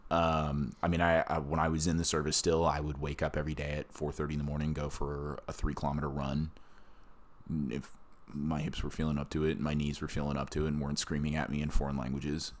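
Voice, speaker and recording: A man's voice: very deep voice, completely flat delivery, fast talker. A man, a war veteran, telling his story in casual, profane podcast chat, blunt and often laughing.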